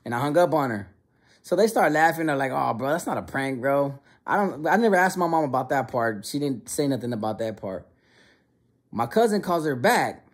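A young man telling a funny childhood story in an animated, slangy way. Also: on the high side, a little fast. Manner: animated, slangy, many restarts. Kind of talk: casual storytelling.

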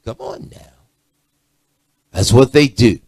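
A middle-aged man preaching a sermon, swinging from loud emphatic lines to low muttered asides. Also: huge pitch swings, slow, vocal fry, husky, no echo. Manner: preachy, rising to shouts and dropping to low asides.

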